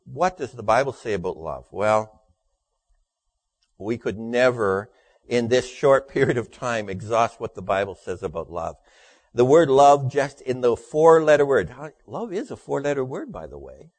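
A man preaching a sermon, telling jokes in a dry storytelling way and dropping his voice low for the punchlines. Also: big pitch swings, a little slow, dry recording. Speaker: pastor.

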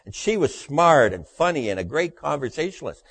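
Man preaching, dropping low for punchlines. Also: big pitch swings, a little fast, a bit bright, husky, no room sound. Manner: dry storytelling, voice drops low for punchlines. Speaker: pastor. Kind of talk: sermon with jokes.

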